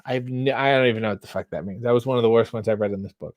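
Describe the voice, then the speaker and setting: A man's voice: mid-range voice, very fast, few pauses, no room sound. A man hosting a casual livestream, reading bawdy limericks in a mock-theatrical voice and dropping into dry asides while reading chat.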